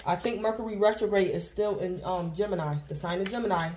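A woman's voice: mid-range voice, fast, darkish tone. A woman giving a casual tarot reading to her viewers, rambling and repeating herself as she speaks to the collective. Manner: rambling and repetitive, addresses the collective; speaks in loose restarts, circling back to one point. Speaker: tarot reader.

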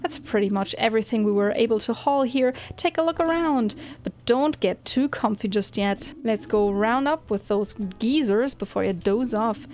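A woman's voice: a little high, moderate pace, few pauses, a little mellow, close to an everyday voice. A woman voicing a laid-back, friendly young plant-folk guide in a video game, reading in an easygoing, breezy way.

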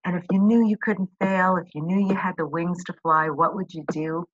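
A woman's voice: on the low side, steady tone, normal speed, dry recording, lo-fi sound. A woman hosting a podcast interview, effusive and encouraging toward her guest. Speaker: podcast host. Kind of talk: interview and show promo.

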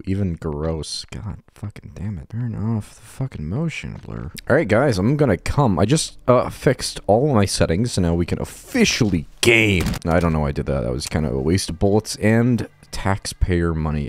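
A man's voice: deep voice, no echo. A young man giving casual, sweary, self-deprecating commentary while playing a video game, rambling and laughing at his own jokes. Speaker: gaming YouTuber.

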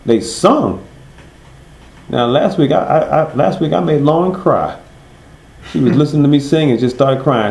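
A man teaching a Bible study. He asks his listeners questions and answers them himself, and he reads scripture slowly, stressing each word. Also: mid-range voice, animated, vocal fry, a little mellow, reverberant, low-quality recording.

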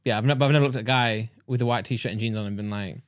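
A man's voice: fairly low pitch, rapid-fire. Sheepish young man in casual chat. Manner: sheepish, agreeable, laughs a lot. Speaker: podcast co-host.

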